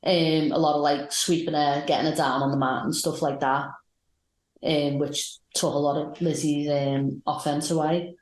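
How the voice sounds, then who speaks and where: Low-voiced woman, roomy sound. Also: flat delivery, normal speed. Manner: rambling, enthusiastic match recaps. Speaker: podcast co-host. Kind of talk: casual podcast chat.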